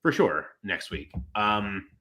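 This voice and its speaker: A man's voice: very animated, slow pace, bright, forceful tone. A man co-hosting a casual wrestling podcast, rambling and acting out quotes in put-on voices. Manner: rambling, acts out quotes with big pitch jumps. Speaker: podcast co-host.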